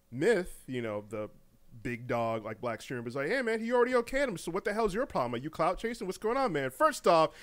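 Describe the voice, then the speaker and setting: A man co-hosting a gaming news podcast in casual, animated chat, laughing often, repeating words and using slang. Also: a little high. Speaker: podcast co-host.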